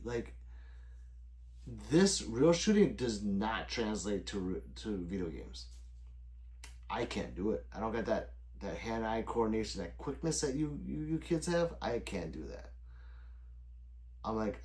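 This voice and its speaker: A middle-aged man hosts a late-night livestream, chatting loosely with viewers at his desk mic and reading their messages aloud. His talk rambles and is peppered with swearing. His pitch swings widely, rising and dropping from phrase to phrase. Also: expressive, unhurried, darkish tone. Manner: loose and rambling, swears often, answers chat by name. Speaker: livestream host reading chat.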